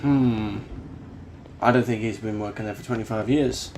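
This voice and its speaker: A man's voice: fairly low pitch, steady tone, moderate pace, darkish tone, slight background noise. A man hosting a casual film reaction, exclaiming and swearing freely as he comments, with the film's music playing behind him. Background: film soundtrack playing.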